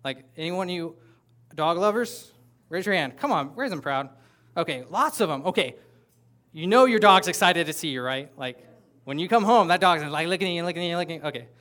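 A man's voice: on the high side, animated, brisk, sharp tone. A man preaching a sermon as pastor, talking conversationally with playful asides to the congregation. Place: church sanctuary with a congregation.

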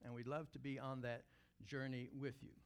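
A man's voice: medium pitch, little pitch movement, moderate pace, clear, resonant tone. A middle-aged man preaching a sermon as senior pastor, talking conversationally and building to emphatic peaks.

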